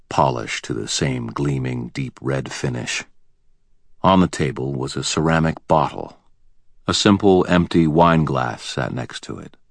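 A man's voice: very deep voice, vocal fry, dry recording. A man narrating a first-person fantasy audiobook in a wry, vivid manner with tense pacing, on a close studio mic.

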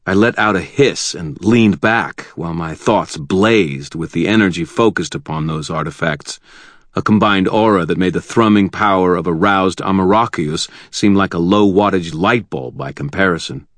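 A man with a very deep voice narrates a first-person fantasy audiobook. His delivery is wry and vivid, with tense pacing, and the close studio sound is completely dry. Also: normal speed, fairly bright tone, no room sound.

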